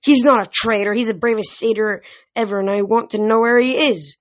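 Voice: mid-range voice, sing-song, normal speed, vocal fry, lo-fi sound. A reader voicing a young female tree nymph who is crying and sniffling as she pleads, in an audiobook. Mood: tearful. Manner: sniffling, pleading, then defiant. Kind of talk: audiobook reading.

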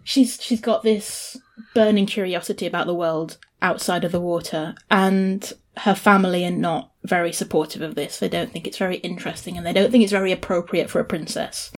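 A woman's voice: lowish voice, fairly quick. A woman hosting a casual chat, animatedly retelling a picture book. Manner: animated storyteller, chatty.

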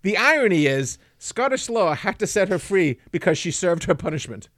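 A man's voice: high voice, sing-song, normal speed, fairly bright tone, dry recording, studio quality. A man co-hosting a comedy podcast in casual chat, laughing often and playing quizmaster. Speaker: podcast co-host.

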